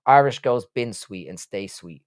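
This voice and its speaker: A man's voice: on the low side, expressive, normal speed. A man hosting a casual live stream, reading chat aloud and answering in a blunt, profane way.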